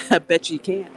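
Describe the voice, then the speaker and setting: A woman hosting a casual, educational walking livestream, chatty and animated as she greets viewers. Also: medium pitch, poor audio. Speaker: livestream host.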